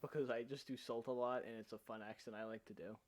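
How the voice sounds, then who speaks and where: A man's voice: medium pitch, steady tone, quick pace. Hesitant casual man on a stream. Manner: meandering, hesitant, heavy on fillers. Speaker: podcast host and game master. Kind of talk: casual chat.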